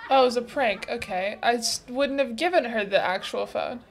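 Blunt, high-voiced woman reacting to clips. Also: normal speed. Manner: blunt, profane, incredulous. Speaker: reaction video host. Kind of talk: reaction commentary.

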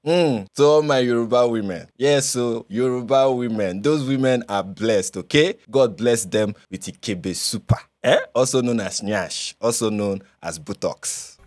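A man's voice: medium pitch, measured pace, hardly any pauses, darkish tone. A Nigerian man hosting a reaction video, correcting slang explanations in a pedantic, matter-of-fact way. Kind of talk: scripted commentary.

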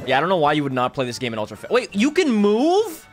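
A young man streaming a video game, excitable and joking with crude language and quick laughter. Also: fairly high pitch, soft background music. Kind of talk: live let's-play commentary.

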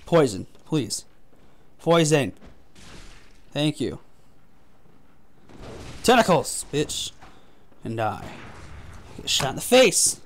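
A man's voice: a little high, expressive, takes it slowly, pauses often. A man giving frustrated, profane trash-talking commentary while playing a game. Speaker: gaming video host. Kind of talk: gameplay commentary.

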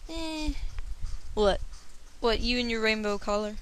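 A woman's voice: a little high, a little slow, pauses often, slight background noise. A young woman giving casual, bubbly let's-play commentary from home, giggling and chatting to her cat. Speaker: let's player.

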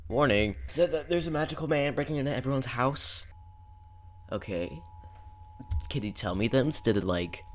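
A young man narrates his let's-play in a loose, joking, profane ramble. His voice sits a little low, and he keeps jumping into sudden startled shouts. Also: a little hiss or hum. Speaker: gaming YouTuber. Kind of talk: casual let's-play commentary.

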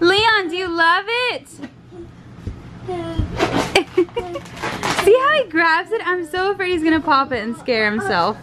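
A young mother with a very high voice giggles and coos affectionately at her baby while she films around her home. She talks slowly and unhurriedly, and there is clear background noise on the handheld home-video recording. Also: lively intonation. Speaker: mother filming her family. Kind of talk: casual home vlog. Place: family home kitchen and living room.

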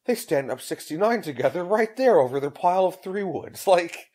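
A man's voice: high-pitched, animated, normal speed, a little mellow. A man narrating an audiobook, bantering casually between takes with crude jokes and frequent laughter. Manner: crude joking, laughing often.

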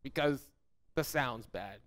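At a slow pace, a male pastor delivers an impassioned, emphatic sermon. He circles back on phrases and lets his voice fall quiet and low whenever he finishes a point.

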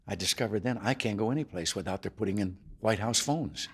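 Husky older man telling a folksy story. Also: fairly low pitch, brisk. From United States. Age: 70s. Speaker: president addressing luncheon guests. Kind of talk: after-lunch speech with anecdote. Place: formal dining room indoors.

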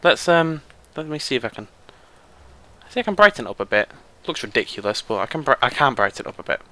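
A British let's play host rattles off casual commentary on his game in a medium-pitched voice, talking fast. He wanders from thought to thought, mocks himself, and gets excited at little things.

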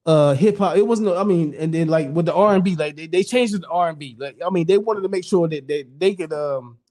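Middle-aged man, dark rambling chat. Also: on the high side, brisk. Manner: rambling, repeats "you know what I'm saying", blunt and profane. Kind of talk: casual podcast chat.

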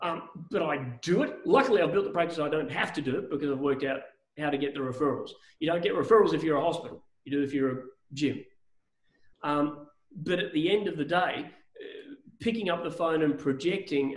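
A man teaching a business seminar with energy, his voice pitched quite high for a man. He keeps acting out bits of phone calls and restarting his sentences, and the room around him rings with echo. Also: expressive, a little fast. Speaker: business coach. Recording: echoey room.

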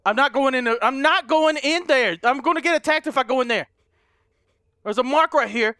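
A man's voice: very high voice, normal speed, bright, forceful tone, clean tone, no room sound, studio quality. A man playing a horror game for viewers, talking to them as he goes, often panicking, screaming and swearing at the monsters. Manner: talks to viewers as guys. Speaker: gaming YouTuber. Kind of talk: let's play commentary.

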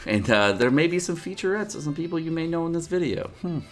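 A man's voice: fairly high pitch, lively intonation, quick pace, faint music behind. A man hosting a gaming video, trash-talking friends in a joking, hyped commentary. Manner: joking trash talk, hyped, laughing often. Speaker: gaming YouTuber host. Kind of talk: casual gameplay commentary.

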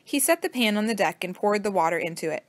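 Female storybook narrator, steady read-aloud, middle pitch, dry close mic. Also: fast, no echo.

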